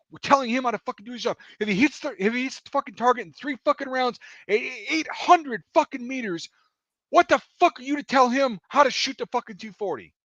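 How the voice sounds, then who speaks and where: A man's voice: very high-pitched, no room sound, dull audio, voice pushed up. A man acting out a furious male army soldier who screams profane abuse at another soldier. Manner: profane, explosive yelling.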